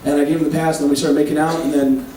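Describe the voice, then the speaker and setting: A man doing stand-up on stage, telling an animated, profane story. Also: fairly high pitch, very fast, a little hiss or hum. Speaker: stand-up comedian. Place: live show on a cruise ship. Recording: echoey hall from far off.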